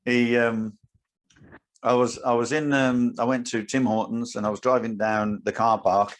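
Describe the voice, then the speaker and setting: A man's voice: mid-range voice, moderate pace. A man, a podcast co-host and driving instructor, telling an anecdote in casual chat and acting out his own lines. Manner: animated storyteller, acts out his own lines.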